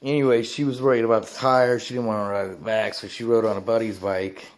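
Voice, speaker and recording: A man's voice: fairly low pitch, little pitch movement, quick pace. Profane rambling man telling a biker story. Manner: profane, rambling, laughs often. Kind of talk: casual storytelling.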